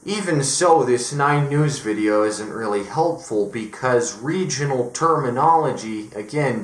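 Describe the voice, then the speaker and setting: A man's voice: on the low side, a bit bright, echoey room. A man from Denver ranting through a profane, exasperated video essay. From Denver, Colorado.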